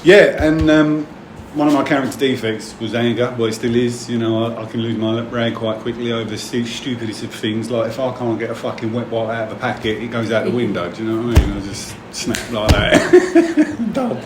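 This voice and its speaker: At a recovery meeting, a middle-aged man shares candidly and with some emotion, rambling and swearing freely. His mid-range voice is brisk with few pauses, recorded in an echoey room with background noise.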